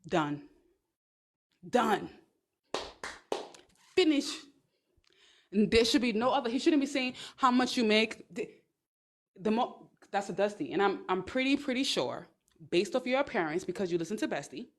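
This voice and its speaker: A young woman talks straight into her phone on a livestream, giving blunt, profane advice. Her voice sits at an ordinary middle pitch. She is sassy and quick to mock, often slipping into little put-on voices to act out examples. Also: animated. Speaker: live-stream host giving advice.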